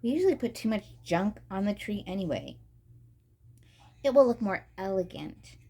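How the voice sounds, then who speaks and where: A woman's voice: medium pitch, big pitch swings, moderate pace, warm tone, breathy edge. A woman reading aloud as a prim, bossy teenage sister in a storybook, with a haughty, dismissive tone.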